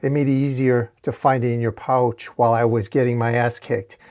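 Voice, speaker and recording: A man voicing a weary, sarcastic male orc hero who speaks in a dry, low, tired way. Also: little pitch movement, fairly quick, darkish tone, lightly acted. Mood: bitter.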